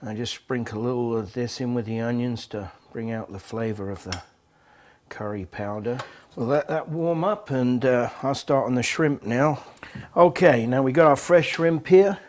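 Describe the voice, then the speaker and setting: Wry biker cooking at home. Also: male voice, mid-range voice, normal speed, darkish tone. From England. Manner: wry, joking, hesitant with fillers. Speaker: home cook, biker club president. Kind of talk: casual cooking demonstration.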